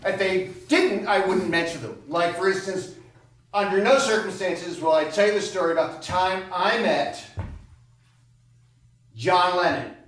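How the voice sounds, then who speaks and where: A man's voice: high voice, unhurried, a bit bright. A man performing a solo comedy storytelling monologue on a small theater stage. He talks in a chatty, digressive, self-mocking way with dry comic asides. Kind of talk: live stand-up storytelling monologue. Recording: echoey theater, far from the mic, noisy.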